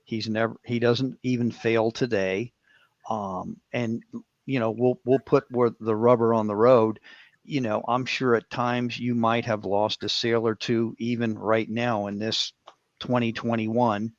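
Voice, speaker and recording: A man's voice: medium pitch, flat delivery, measured pace, no echo. Guy co-hosting, rambles through his questions, muffled lo-fi dry mic. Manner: chatty, asks long winding questions. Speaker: podcast co-host. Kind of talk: casual interview chat. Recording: dull dry lo-fi sound.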